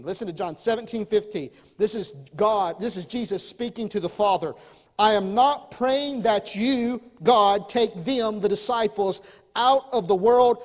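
Pastor, male, very high voice, dynamic delivery swinging loud to hushed, long reverb of a big hall. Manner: preaching with sudden swings between loud emphasis and quiet asides. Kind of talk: sermon.

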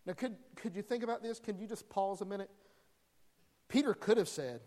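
A man preaching a sermon as a pastor, animated, acting out crowd dialogue as he teaches. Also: high-pitched, brisk. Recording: long hall reverb.

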